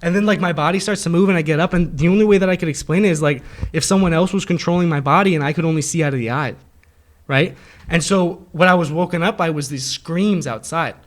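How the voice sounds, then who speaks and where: A young man telling a long dream story in casual chat with friends, animated and laughing often, acting out the voices of the people in it. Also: on the high side, quick pace. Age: young adult. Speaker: host.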